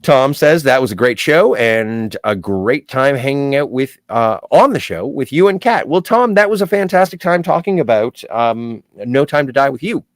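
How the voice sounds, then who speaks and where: A man's voice: mid-range voice, big pitch swings, normal speed, few pauses, no echo. A man from Southern Ontario hosting a casual livestream, reading viewer chat aloud with playful jokey asides. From Southern Ontario, Canada.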